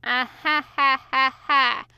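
A woman's voice: high-pitched, big pitch swings, measured pace, no echo, muffled recording, full character voice. A woman voicing a drunk, giggly male demon who teases and sulks, in a fan fiction audiobook. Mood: playful tipsy. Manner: teasing, then grumbling and sulky.

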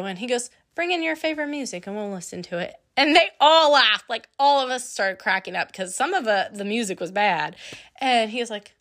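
A young woman talking earnestly and casually about her faith, chatty and quick to laugh. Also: fairly high pitch, sharp tone. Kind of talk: casual personal faith testimony.

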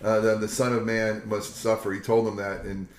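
Low-voiced pastor in an echoey room. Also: male voice, normal speed. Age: older. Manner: animated storyteller, acts out quotes, folksy. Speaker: pastor and co-host. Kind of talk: casual Bible discussion.

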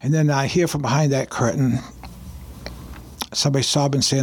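A man who is a pastor, telling a personal story on a radio show in an earnest, halting way with many restarts. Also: medium pitch, steady tone, a little hiss or hum. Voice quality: gravelly, husky voice.

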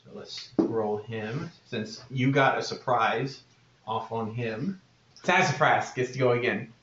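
A man narrating as game master in a relaxed, halting way. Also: mid-range voice, a little hiss or hum. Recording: echoey room, dull lo-fi sound.

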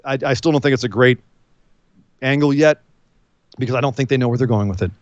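A man co-hosting a casual wrestling recap chat, telling the story with lively quoted voices. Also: medium pitch, fast, no echo, muffled recording. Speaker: podcast co-host.

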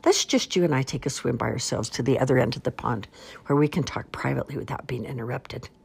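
A woman's voice: very deep voice, fast, gravelly, breathy edge, full character voice. A woman voicing a pompous, long-winded male swan father who makes grand, flowery speeches in a storybook reading.

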